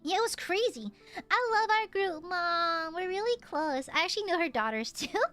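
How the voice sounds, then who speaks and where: A young woman streamer chatting casually with viewers, telling stories in an animated, swear-filled way. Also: extremely high pitch, moderate pace, faint music behind. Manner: animated, swears often, lively storytelling.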